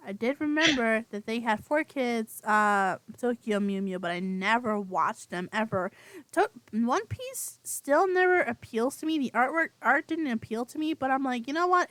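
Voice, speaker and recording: A woman's voice: on the high side, a bit bright, dry recording. A woman co-hosting a podcast in casual chat, rambling with many fillers and frequent laughter, speaking over a home microphone on an online call. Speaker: podcast co-host.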